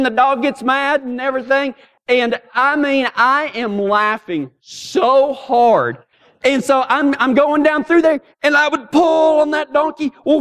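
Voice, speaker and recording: High-voiced folksy preacher man. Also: fairly bright tone. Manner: folksy, rambling, repeats words when starting sentences. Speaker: pastor. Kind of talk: storytelling sermon.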